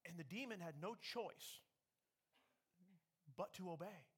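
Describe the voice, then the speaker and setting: A man's voice: sits high, expressive, measured pace, breathy edge. A man preaching a sermon, emphatic, raising his voice when he quotes scripture. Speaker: pastor.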